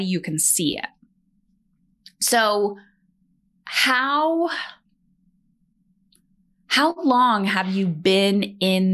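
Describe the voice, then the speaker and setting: A woman's voice: medium pitch, fairly bright tone. A middle-aged woman hosting her own podcast as a coach, talking bluntly with lots of emphatic repetition and casual swearing. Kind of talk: motivational solo podcast talk.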